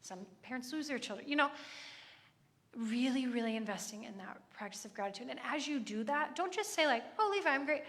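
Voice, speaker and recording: In an echoey hall, a church speaker in her thirties gives a chatty, earnest sermon in a conversational style, wandering into many asides. She speaks fairly quickly, with a fairly high-pitched and expressive voice.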